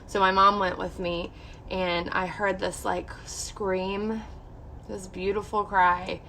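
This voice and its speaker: A young woman speaks slowly in a mid-range voice that's flat yet pushed and bright, with a little hiss or hum behind her. As a vlogger, she candidly and emotionally recounts a personal story to viewers, using "like" a lot.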